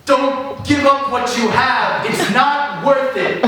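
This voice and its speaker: A young man voicing a grizzled old man who slowly gives earnest life advice, heard from a distant mic in an echoey room. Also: extremely high pitch, sharp tone, soft background music, pitched above the performer's own voice, exaggerated voice. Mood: earnest sage. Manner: slow, earnest advice-giving. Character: grizzled old man, imagined wise loner.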